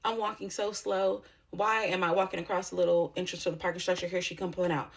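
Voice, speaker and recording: A woman's voice: fairly low pitch, flat delivery, fast, vocal fry, hardly any pauses. A woman YouTuber telling a personal story in a casual vlog, blunt and heavy on profanity.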